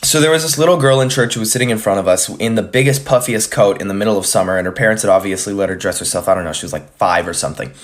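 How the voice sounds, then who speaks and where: A man's voice: lowish voice, racing, hardly any pauses. A man telling a funny anecdote in an easygoing, amused way. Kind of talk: casual anecdote.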